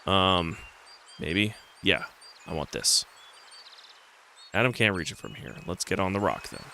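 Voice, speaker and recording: Gravelly guy streaming an old pc game, reads the text out loud, bright lowish voice. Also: lively intonation, a little slow, a little hiss or hum. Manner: muttering to himself, reading in-game text aloud. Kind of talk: casual let's-play commentary.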